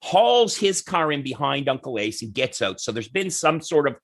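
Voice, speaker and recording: A man from Nova Scotia, Canada, telling stories as a podcast guest in an animated way. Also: mid-range voice, normal speed. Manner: animated, acts out characters. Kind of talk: casual storytelling.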